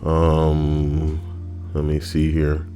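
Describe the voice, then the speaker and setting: Deep-voiced man reading stories, swearing and riffing. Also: completely flat delivery, extremely slow, dark tone, soft background music. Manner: swears freely, laughs, breaks off to riff. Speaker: streamer reading online stories aloud. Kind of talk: casual live-stream story reading.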